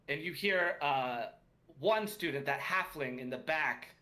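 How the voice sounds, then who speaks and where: Bright-voiced man narrating a tabletop game. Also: a little high, lively intonation, unhurried. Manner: hesitant, many fillers. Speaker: game master.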